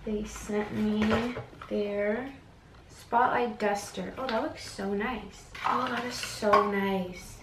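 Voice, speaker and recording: A woman's voice: mid-range voice, steady tone, slow pace. A young woman in a casual unboxing vlog, chatty and gushing, full of "like" and "oh my god". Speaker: beauty vlogger. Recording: roomy echo from a distance, with noise behind.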